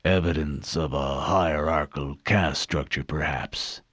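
A man voicing an older male official with a rough, scratchy voice and dry sarcasm. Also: low voice, expressive, takes it slowly, a bit bright, no echo, heavily acted. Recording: dull dry studio read.

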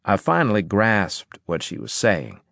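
A male narrator reading a first-person audiobook chapter in a lowish voice with lively pitch. His delivery is dry and measured, and the recording is close and dry with no room sound. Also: vocal fry, no room sound.

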